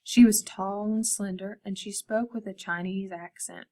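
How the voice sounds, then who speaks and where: A woman art teacher reading a picture book aloud to her students, expressive and speaking to them directly. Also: medium pitch, moderate pace.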